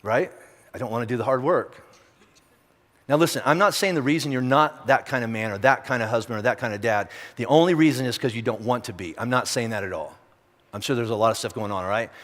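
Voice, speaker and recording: A man preaching at a quick clip, talking straight to the crowd and stacking up rhetorical questions. His voice sits at an ordinary pitch for a man. The sound carries a long reverb from a big church auditorium. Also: a bit bright. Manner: conversational, direct, repeats rhetorical questions. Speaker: pastor. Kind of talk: sermon.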